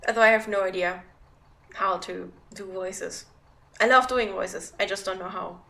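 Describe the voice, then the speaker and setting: A woman's voice: medium pitch, fairly even intonation, normal speed, gravelly, bright, forceful tone. A woman in her thirties chatting casually on a game livestream, rambling and self-deprecating. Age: 30s. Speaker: game streamer.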